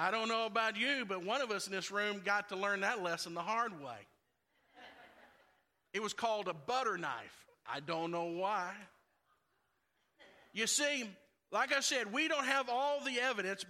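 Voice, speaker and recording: Bright-voiced high male preacher. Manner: conversational preaching with playful asides. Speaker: pastor. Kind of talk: sermon.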